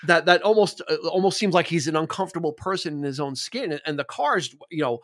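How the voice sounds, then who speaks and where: A man with a somewhat high voice talks at length on a casual music podcast. He is enthusiastic and rambling, with plenty of fillers and restarts as he works through his thoughts. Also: lively intonation, quick pace, fairly bright tone. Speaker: podcast co-host.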